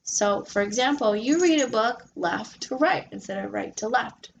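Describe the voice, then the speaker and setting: A woman's voice: fairly high pitch, lively intonation, normal speed, creaky, dull audio, slight background noise. A woman tutoring a young child in reading, patiently sounding out letters and encouraging her. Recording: echoey room recording.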